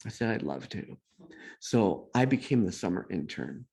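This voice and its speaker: Husky, animated middle-aged storyteller man. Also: lowish voice, moderate pace. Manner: animated, self-deprecating storyteller who acts out quoted voices. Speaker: guest speaker. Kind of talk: personal storytelling talk.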